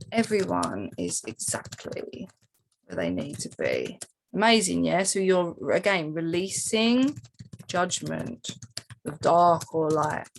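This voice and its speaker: Woman coach talking thru a journal exercise, lively, lots of um and like, keyboard clicks behind. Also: gravelly, a little hiss or hum. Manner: animated, with pitch jumps and frequent fillers. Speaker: spiritual coach. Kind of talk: casual teaching walkthrough.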